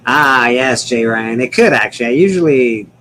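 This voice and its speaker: A man's voice: medium pitch, expressive, normal speed, pushed and bright, a little hiss or hum, low-quality recording. A man hosting a casual livestream chat from home, rambling, laughing often and swearing now and then. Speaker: livestream host.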